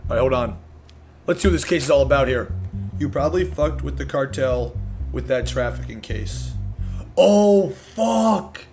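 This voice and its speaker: A young man streaming a game live, reacting loudly in excitable slangy casual chat. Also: on the high side, normal speed, faint music behind.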